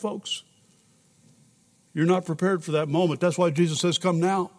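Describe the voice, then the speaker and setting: Male pastor with a high voice, heartfelt and pleading sermon delivery, reverberant sanctuary sound. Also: steady tone, moderate pace, pauses often. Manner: emotional, rising to urgent preaching. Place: church sanctuary. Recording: long reverb in a large sanctuary.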